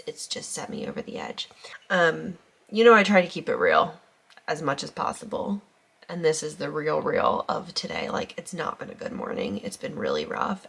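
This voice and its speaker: A woman in her thirties chats to the camera at home as a family vlogger, her voice sitting a touch low. She gushes over little things and talks easily, now and then turning to her kids. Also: wildly swooping pitch, normal speed, gravelly, fairly bright tone, husky. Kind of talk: casual vlog chat.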